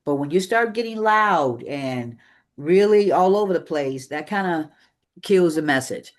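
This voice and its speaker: In a meeting room full of listeners, a public speaking coach delivers a live training session with energy and emphasis. The medium-pitched voice changes pace constantly, slowing down on key points and speeding through the transitions.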